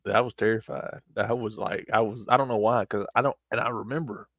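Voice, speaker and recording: A man's voice: fairly low pitch, steady tone, fairly quick, vocal fry, fairly bright tone, no echo. A young man, rambling through stories in casual chat on a stream. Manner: rambling storytelling with frequent laughter.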